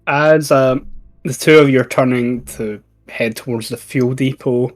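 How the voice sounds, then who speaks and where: A man narrating as game master of a tabletop game, unhurried and hesitant. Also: mid-range voice, fairly even intonation.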